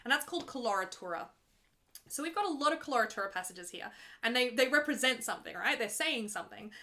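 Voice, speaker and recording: Bright-voiced woman opera singer chatting. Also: on the high side, animated, quick pace. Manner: chatty and joking, breaks into full operatic singing. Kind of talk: live stream chat and teaching.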